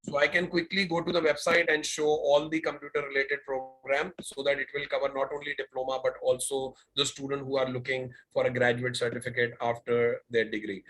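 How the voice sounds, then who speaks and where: A man's voice: mid-range voice, flat delivery, fairly quick, hardly any pauses, a bit bright, rough recording. A man representing a college, answering applicant questions in an online info session with many fillers. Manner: explanatory, with frequent fillers. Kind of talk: webinar Q&A. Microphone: video call.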